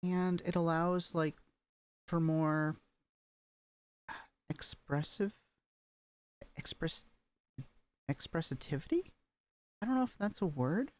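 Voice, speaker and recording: At home, streaming as a vtuber, a woman does her voice training homework, chatting casually with many fillers and repeating practice sentences with rising and falling intonation. Her lowish voice is a little mellow, slow and full of pauses, picked up by a webcam microphone.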